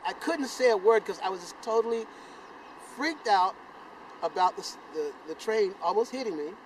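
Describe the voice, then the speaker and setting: A man's voice: a little hiss or hum, rough recording. An older man from South Carolina, telling a personal story to camera with sound effects and acted-out voices. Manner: animated, sound effects like boom and bam, acts out voices.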